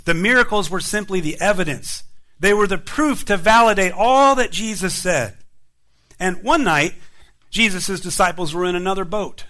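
A male pastor preaching a sermon, retelling miracle stories with lively emphasis and rhetorical questions to his listeners. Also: high-pitched, moderate pace. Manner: animated storytelling preacher, rhetorical questions to the congregation.

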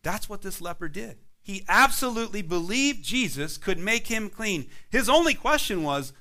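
A male pastor delivers a sermon with a high, bright voice. His pitch swings widely as he builds emphatic repeated phrases. He preaches in a church sanctuary. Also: very animated, measured pace.

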